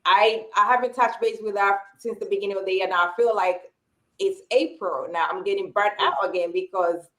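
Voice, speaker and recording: A woman in her forties co-hosts a relaxed podcast conversation. She tells her own story openly in a middle-pitched voice and slips into the voices of people she quotes. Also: normal speed, low-quality recording. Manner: candid personal storytelling, acting out quoted remarks. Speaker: podcast co-host. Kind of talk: casual podcast chat.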